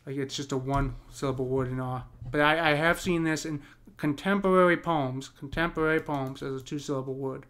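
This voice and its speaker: A man's voice: on the high side, fairly even intonation, a little fast, a bit bright. A man with an American accent explaining poetic meter in a casual lesson, thinking aloud with many fillers and restarts. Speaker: poetry teacher. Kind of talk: casual screen-share lesson.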